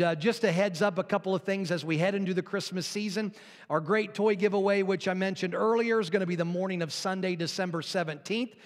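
A male pastor giving a sermon with announcements, joking lightly with his congregation. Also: high voice. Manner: jokey, chuckles at own joke. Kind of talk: sermon with opening joke. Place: church sanctuary. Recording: long reverb of a large hall.

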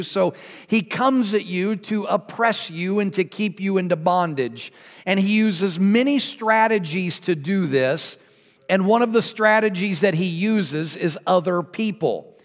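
High-voiced preacher in a reverberant hall. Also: male voice. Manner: jokey storytelling, chuckling at his own jokes. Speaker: pastor. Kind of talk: sermon.

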